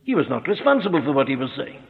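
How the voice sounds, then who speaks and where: A man preaching an expository sermon, earnest and emphatic, slowing down to stress his points. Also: fairly high pitch, sing-song. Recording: echoey hall on a tinny narrow-band recording.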